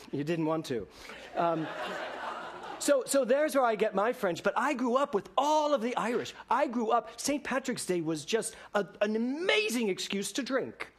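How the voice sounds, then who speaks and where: A male minister preaching with a high voice that swings widely up and down. He tells stories with laughter and asks his listeners pointed questions. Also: normal speed. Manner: lively storytelling with laughter and rhetorical questions. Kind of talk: sermon.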